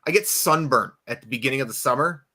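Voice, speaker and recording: A young man co-hosting a podcast in loud, profane, playful chat that swings between shouting and mumbling. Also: mid-range voice, quick pace. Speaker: podcast co-host. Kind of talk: casual chat.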